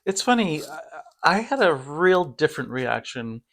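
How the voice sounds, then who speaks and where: A man's voice: a little high, big pitch swings, normal speed, a bit bright. A middle-aged man from the United States, talking candidly in casual conversation as a guest, rambling with fillers and laughs. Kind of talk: casual conversation about grief.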